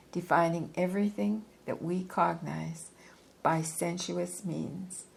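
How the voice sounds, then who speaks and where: Female reader, low gravelly voice, unhurried and deliberate, reads a philosophy text with occasional asides. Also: low-quality recording. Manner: measured, deliberate reading with occasional asides and self-corrections. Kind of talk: reading a philosophy book aloud.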